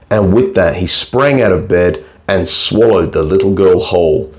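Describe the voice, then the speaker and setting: A man narrating a bedtime fairy tale in a calm, steady storybook reading. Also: low-pitched, moderate pace, hardly any pauses.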